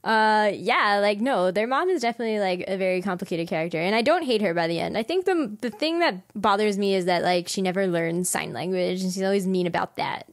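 A woman chatting loosely on a podcast, peppering her talk with "like" and breaking into quick laughs. Her middle-pitched voice is recorded close and dry. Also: no echo. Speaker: manga podcast co-host. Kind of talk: casual chat.

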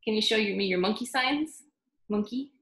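A woman leading a children's storytime with songs and baby signs, talking in a slow, sing-song, encouraging way. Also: mid-range voice, a bit bright, roomy sound, low-quality recording.

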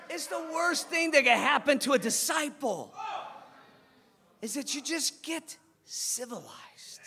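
A male preacher telling a movie story in an animated sermon, acting out the scenes. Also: extremely high pitch, measured pace, gravelly. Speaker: pastor.

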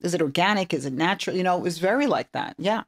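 A middle-aged interior designer tells stories during an interview chat, animatedly acting out the dialogue she quotes. Her voice is fairly low and she speaks fast.

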